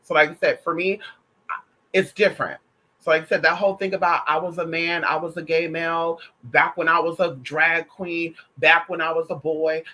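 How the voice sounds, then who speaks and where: A woman's voice: deep voice, little pitch movement, normal speed, pushed and bright, poor audio. A trans woman delivering a casual opinion monologue to her viewers, sassy and emphatic, with heavy profanity and pet names like honey and girl. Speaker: vlogger.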